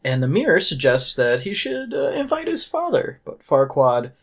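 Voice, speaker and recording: A man's voice: on the high side, normal speed, vocal fry. Guy on a podcast retelling a musical, casual chat, does little voices for the characters. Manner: animated retelling, mimics characters' lines. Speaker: podcast host.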